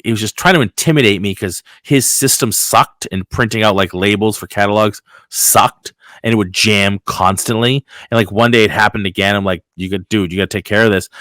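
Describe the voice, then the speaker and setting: A man hosting a podcast, telling a story in casual chat, animated and full of fillers and swearing. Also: fairly low pitch, no echo. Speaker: podcast host.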